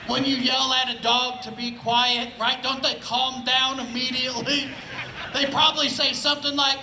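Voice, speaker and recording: Man, stand-up comedian, laid-back, conversational, sharp bright tone, faint outdoor ambience. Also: very high-pitched, little pitch movement, moderate pace, reverberant, a little hiss or hum, rough recording. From Indianapolis, Indiana. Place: outdoor festival stage.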